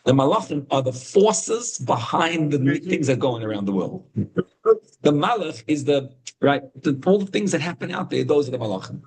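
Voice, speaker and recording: Husky rabbi, animated and emphatic. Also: male voice, normal speed, low-quality recording. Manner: animated storytelling, rising to high excited emphasis. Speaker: rabbi teaching a class. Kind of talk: informal Torah class on a video call. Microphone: video call.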